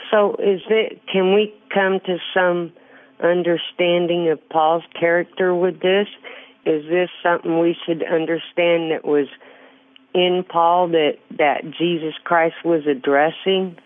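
A woman from rural Illinois calling a radio show with an earnest, halting question, often repeating herself. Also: fairly low pitch, steady tone, no echo. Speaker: caller. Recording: tinny phone line.

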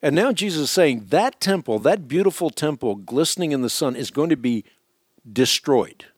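A man's voice: fairly high pitch, lively intonation, moderate pace, no echo, clean studio sound. Emphatic man teaching the Bible on radio. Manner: emphatic, rising on key words.

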